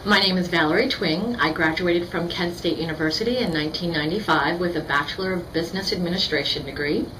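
A woman who directs a business office, introducing herself in a measured, formal way. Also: fairly low pitch. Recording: noticeable background noise.

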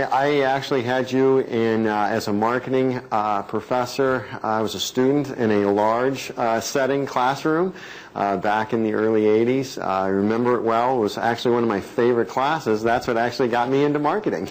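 Man in his fifties, halting, lots of fillers, lowish voice. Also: rough recording. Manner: hesitant, many fillers, warmly appreciative. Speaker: car dealership general manager. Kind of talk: casual self-introduction.

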